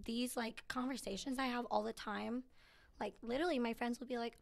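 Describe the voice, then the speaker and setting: A woman's voice: a little high, steady tone, fairly quick, creaky, no echo. A woman whose first language is Vietnamese, telling stories as a podcast guest in casual chat, with lots of fillers. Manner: chatty storyteller, lots of fillers.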